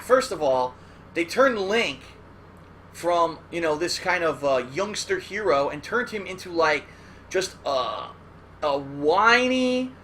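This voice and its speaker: A man's voice: fairly high pitch, sharp tone, a little hiss or hum. A man hosting a casual, rambling look back at old cartoons, profane and loose, often checking in with "all right?". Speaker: host. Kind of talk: casual retrospective commentary.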